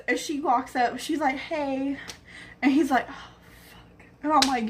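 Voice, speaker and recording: There's a little hiss or hum behind this young vlogger's high-pitched voice. She speaks at a normal pace with fairly even intonation, casually rambling through a personal story and acting out the people she quotes.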